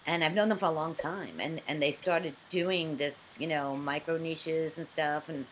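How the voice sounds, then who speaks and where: A woman's voice: low voice, steady tone, moderate pace, a little hiss or hum. A woman hosting a casual chat over a video call, talking freely with frequent restarts and laughter. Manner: chatty, laughs often, many restarts. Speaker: host.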